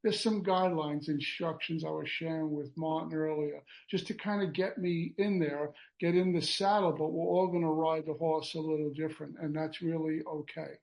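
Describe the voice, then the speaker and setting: A man shares at a recovery meeting, his voice set slightly high. He meanders through thoughts with plenty of fillers. Light self-mocking humour runs through it. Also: normal speed, creaky, few pauses, muffled recording. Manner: relaxed, rambling with fillers and self-mocking jokes. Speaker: guest speaker.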